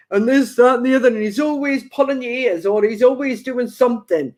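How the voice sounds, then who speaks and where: A woman's voice: fairly high pitch, a little fast, a little mellow. A woman working as a spiritual medium, giving a chatty live-stream psychic reading and passing on spirit messages with playful quoted asides.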